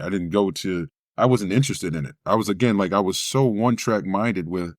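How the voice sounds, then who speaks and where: Low-voiced man telling a lively story. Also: dry recording, clean studio sound. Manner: animated storyteller who acts out quoted voices. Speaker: guest, spoken word poet. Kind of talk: storytelling interview.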